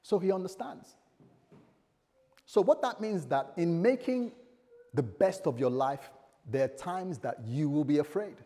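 A male pastor preaching a sermon in a conversational, animated way, acting out little dialogues. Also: on the high side, a little slow, long pauses. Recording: long hall reverb.

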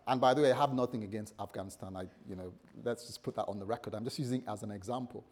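A man's voice: mid-range voice, quick pace, darkish tone, breathy edge. A man preaching a sermon in a conversational way, quizzing his listeners and acting out scenarios for them.

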